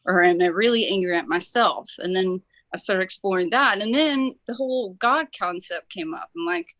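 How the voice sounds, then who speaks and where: A woman's voice: medium pitch, normal speed, dry recording. Female caller, Kentucky origin, eager and rambling, dry close sound. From Kentucky, USA. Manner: excited, tumbling, many fillers. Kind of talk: call-in sharing a personal story.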